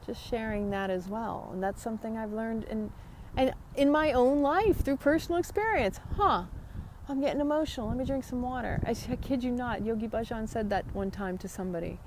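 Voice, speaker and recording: A woman's voice: fairly high pitch, brisk, a little mellow, a little hiss or hum. Chatty woman hosting a wellness live stream. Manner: chatty, rambling, greets viewers by name. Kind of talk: casual live chat about yoga and wellness.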